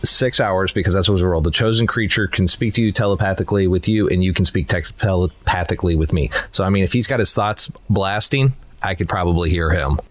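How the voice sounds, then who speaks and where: A man with a very low voice plays a tabletop game. He thinks his moves through aloud in a relaxed, unhurried way, full of filler words. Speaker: player.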